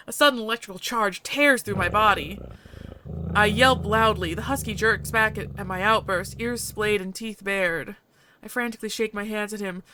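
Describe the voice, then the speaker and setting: A woman streamer reading a visual novel aloud with lively, expressive narration. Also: mid-range voice, normal speed, no echo.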